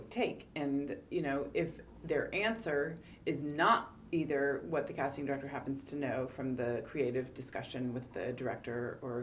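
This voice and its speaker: A middle-aged woman, a casting director, giving animated, casual advice on auditions. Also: a bass voice, a little hiss or hum. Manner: animated, laughs often, acts out quoted actors.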